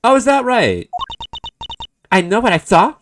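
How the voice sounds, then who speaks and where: A stern, haughty stewardess played by a man speaks in a raised, lively voice. Every word comes out formal and officious. Game music plays behind her. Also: high voice, a little fast, voice pushed up. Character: prim, stern professional woman flight attendant.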